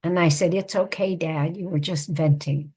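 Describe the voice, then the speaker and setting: Casual: older lady, kinda husky, low-ish, calm reflective storytelling. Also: moderate pace. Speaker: guest, psychotherapist and author. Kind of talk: personal storytelling in conversation.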